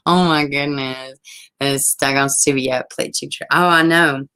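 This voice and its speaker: Woman, low-pitched voice, livestream host, casual storytelling, swears freely, laughs a lot. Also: a little slow, clear, resonant tone, rough recording. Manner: animated, profane, laughing often.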